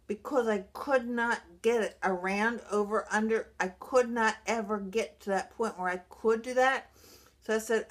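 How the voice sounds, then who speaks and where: A middle-aged woman, a brain injury survivor, talking earnestly about her recovery in a halting way, often restarting her sentences. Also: on the high side, a bit bright. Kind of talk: personal vlog monologue.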